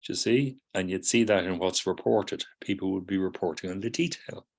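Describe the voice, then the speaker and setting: A middle-aged man with a fairly low voice lectures a class of therapy students. He explains step by step, slips into the voices of the people in his examples, and keeps checking in with "do you see?". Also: fairly quick. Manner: acts out students' replies in quoted voices. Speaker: psychotherapy teacher.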